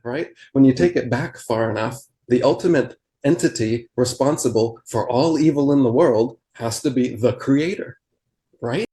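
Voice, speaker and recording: A man in a played clip, musing slowly and asking questions. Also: medium pitch, dark tone. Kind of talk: casual talk in a played clip.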